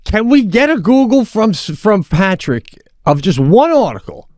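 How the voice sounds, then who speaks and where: A man co-hosting a podcast, telling stories in a casual, animated way and swearing often, on a studio mic. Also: high-pitched, normal speed, no echo. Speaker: podcast co-host. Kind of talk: casual chat.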